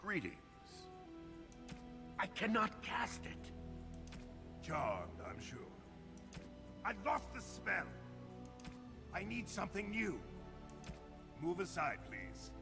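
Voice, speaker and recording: Suave dwarf hero, gravelly. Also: male voice, high-pitched, very animated, slow pace, long pauses, over music, exaggerated voice. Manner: short polite greetings and battle barks. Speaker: game character voice.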